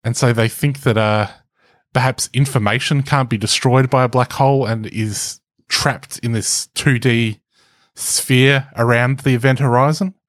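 A man rambling through a casual podcast chat. He is jokey and loose with it, at a mid pitch. The recording is close and dry. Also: steady tone, a little slow, no echo. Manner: joking, rambling explainer. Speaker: podcast co-host.

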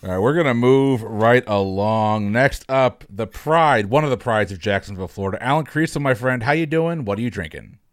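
A man's voice: medium pitch, moderate pace, few pauses, dry recording, studio quality. A man hosting a casual podcast chat, joking and greeting each guest by name. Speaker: podcast host.

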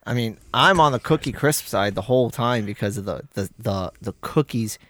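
A man's voice: mid-range voice, lively intonation, normal speed, fairly bright tone, no echo. A man co-hosting a casual podcast, teasing and joking with his friends. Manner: teasing and jokey. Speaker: podcast co-host. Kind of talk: casual chat.

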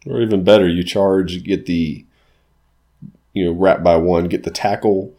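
A man with a very low, dark voice chimes in on a casual game podcast. He is laid-back and dryly funny. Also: fairly even intonation, unhurried. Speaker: podcast co-host. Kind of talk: casual tabletop game discussion.

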